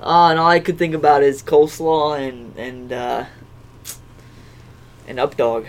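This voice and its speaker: A man's voice: fairly high pitch, flat delivery, unhurried. A young man co-hosting a casual podcast chat, joking and laughing often. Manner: joking, laughs a lot, loud bursts. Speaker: podcast co-host.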